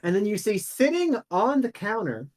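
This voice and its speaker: A man's voice: high-pitched, very animated, moderate pace, darkish tone. A man narrating a tabletop game as game master, rambling with many fillers. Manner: rambling, many ums and likes.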